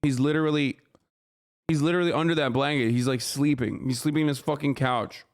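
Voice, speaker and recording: A man's voice: medium pitch, fairly even intonation, a little fast. A man streaming a reaction to a news story, heated and profane, repeating himself and asking "okay?" often. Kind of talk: livestream reaction commentary.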